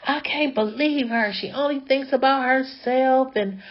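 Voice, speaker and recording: A woman voicing an exasperated adult woman who rants and complains about her irresponsible sister, in a raised, high-pitched voice. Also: fairly even intonation, unhurried, muffled recording, lightly acted. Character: exasperated ranting woman, fed-up older sister.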